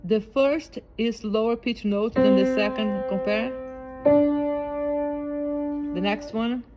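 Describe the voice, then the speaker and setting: A woman teaching a piano ear training lesson, speaking slowly and patiently and repeating each comparison of high and low notes. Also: fairly even intonation. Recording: loud piano playing behind the voice.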